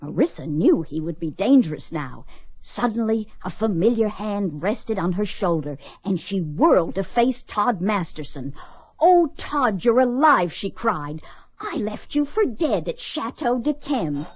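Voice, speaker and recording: An actress playing an earnest young woman with a conscience, speaking in an emotional, expressive way in a soap opera. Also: mid-range voice, measured pace, breathy edge, dry recording. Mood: reading aloud.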